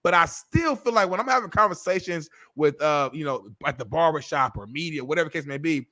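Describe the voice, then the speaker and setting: A man's voice: a little high, expressive, a little fast, pushed and bright, no echo, clean studio sound. A man co-hosting a sports talk show, arguing emphatically and swearing as he makes his case. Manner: emphatic, swears, argues point by point. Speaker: co-host.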